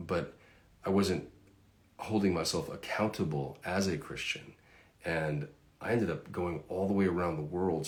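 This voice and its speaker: Deep-voiced man giving a casual faith talk. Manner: conversational, with fillers and asides.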